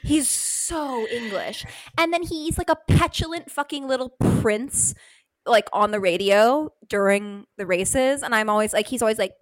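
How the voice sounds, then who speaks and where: A woman co-hosting a podcast in casual chat, animated, swearing and saying "like" often, breaking into shrieking laughter. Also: on the high side, measured pace, dry recording, rough recording. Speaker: podcast co-host.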